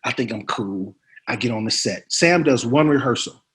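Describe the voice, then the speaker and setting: A man, an actor guest, telling anecdotes in a casual interview, slangy and quick to laugh. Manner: mimics others with sharp pitch jumps.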